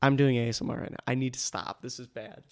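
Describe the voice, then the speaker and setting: Talking fast in a steady, mid-range, slightly mellow voice, a young podcast host rambles solo through tangents and pokes fun at himself. The recording is dry, studio quality, made on a studio microphone.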